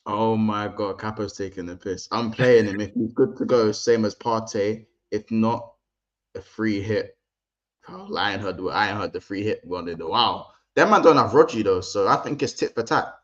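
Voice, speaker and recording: A man's voice: fairly low pitch, normal speed, a bit bright, dull audio. A man hosting a casual football livestream, chatty and slangy, talking straight to his viewers. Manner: chatty, slangy, addresses the chat directly. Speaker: livestream host.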